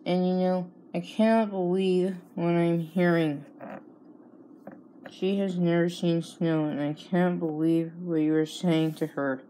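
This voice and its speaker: A woman's voice: fairly low pitch, flat delivery, a little slow, mellow, a little hiss or hum, low-quality recording. A woman vlogger talking through a playful pretend dialogue, answering herself back and forth with mock indignation.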